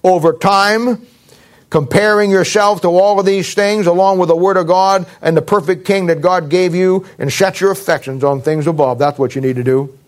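A man's voice: high voice, steady tone, normal speed. A middle-aged male pastor preaching a sermon in a blunt, folksy way, with sarcastic asides.

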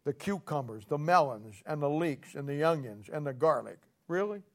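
A man's voice: fairly high pitch, normal speed. Emphatic, sarcastic male preacher. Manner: emphatic, sarcastic, rising to loud outbursts. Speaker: pastor. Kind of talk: sermon.

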